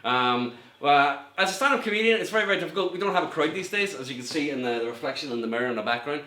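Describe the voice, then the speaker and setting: Performing stand-up from home in a room with a mirror, a middle-aged comedian with a Northern Irish accent gives a rambling, self-deprecating set and cracks himself up. He speaks in rapid-fire bursts, fairly high, expressive, bright and pushed. Faint noise and echo fill the recording.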